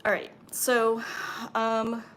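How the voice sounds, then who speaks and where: A woman's voice: a little high, monotone, extremely slow, a bit bright, a little hiss or hum. A woman who works as a spiritual medium and Reiki healer, passing on channeled messages in a meandering, reassuring livestream talk full of fillers.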